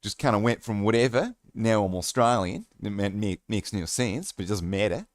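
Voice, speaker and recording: Rambling low-voiced man streaming hobby chat. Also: expressive, a little fast, dry recording, studio quality. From Canada. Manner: rambling, self-mocking, many fillers and restarts. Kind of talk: casual live-stream chat.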